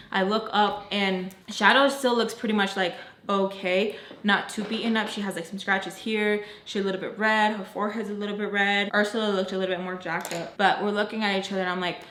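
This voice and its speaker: Woman vlogger, storytime chat, animated and profane, mid-range pitch, roomy sound. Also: slight background noise. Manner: animated, heavy filler "like", swears; talks while doing her makeup. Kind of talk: storytime vlog.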